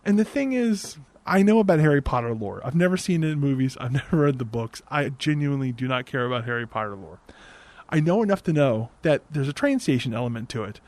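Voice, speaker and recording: A man's voice: mid-range voice, expressive, quick pace, a little mellow. Sarcastic young man ranting about a movie. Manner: sarcastic, exasperated, swears. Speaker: movie recap host. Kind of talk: comedic movie recap rant. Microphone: desk mic on a boom arm.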